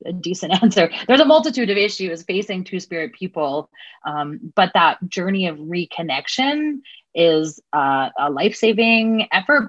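Husky-voiced earnest woman, lower pitch. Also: a bit bright, dry recording. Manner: earnest, many ums and uhs. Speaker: interview guest, Two-Spirit community worker. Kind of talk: heartfelt interview answers. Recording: dull, lo-fi sound with faint music.

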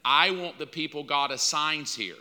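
A man's voice: on the high side, moderate pace, bright, forceful tone. A man preaching a sermon as pastor in a conversational style, acting out bits of dialogue. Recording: long hall reverb.

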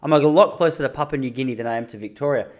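A man's voice: mid-range voice, racing. An Australian man talking casually in a vlog from an apartment lounge room, rambling and joking at his own expense. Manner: joking, rambling, self-mocking. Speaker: vlogger.

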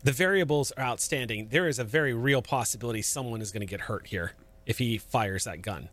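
A man narrating and running a tabletop game as game master, in calm, measured scene narration. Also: mid-range voice.

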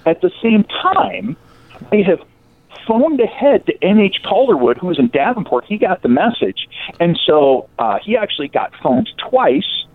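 Animated man telling a local story. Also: sits high, unhurried, no echo. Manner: animated, acts out quoted voices. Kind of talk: casual storytelling of local history. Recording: tinny phone-like sound.

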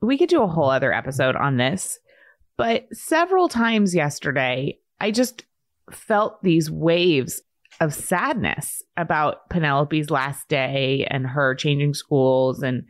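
A woman's voice: deep voice, expressive, measured pace, dry recording, studio quality. A woman in her forties co-hosting a podcast, talking in an earnest, reflective way with many fillers. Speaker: podcast co-host. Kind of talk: casual podcast chat.

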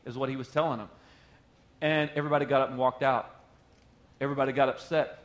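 A man's voice: mid-range voice, fairly even intonation, fast. A male pastor preaching a sermon in a conversational, joking way. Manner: conversational and joking, acting out quotes.

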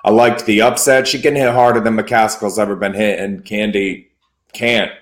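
A man with a fairly low voice talks in a roomy, echoing space. He co-hosts a casual sports chat in a measured, analytical way and backs his points with records and stats. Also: fairly even intonation. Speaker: podcast co-host. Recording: roomy echo.

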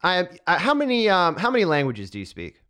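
A man hosting a podcast interview in a relaxed, rambling, self-deprecating way. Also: sits high, a little fast, clear, resonant tone. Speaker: podcast host. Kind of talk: casual interview.

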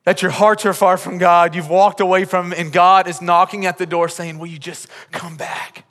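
A man's voice: sits high, flat delivery, moderate pace, fairly bright tone. A man preaching a sermon as a pastor, earnest and pleading, often repeating words as he builds a point. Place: large church auditorium. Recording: long hall reverb from the sanctuary.

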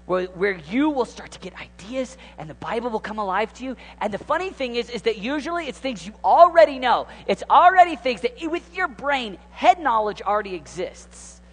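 A man in his thirties preaching informally, rambling and animated, swinging from hushed asides to excited exclamations. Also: very high voice, a little fast, hardly any pauses. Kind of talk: informal sermon. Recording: long hall reverb.

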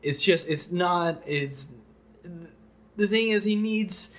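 A man's voice: sits high, slow. A man co-hosting a casual podcast, giving a blunt, profane, ranting movie review. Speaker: podcast co-host.

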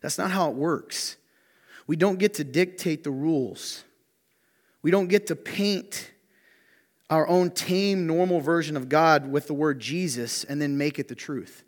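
A man preaching a sermon in a conversational, animated way with joking asides, his voice strained by allergies. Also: fairly high pitch, unhurried, in a large hall. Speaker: pastor.

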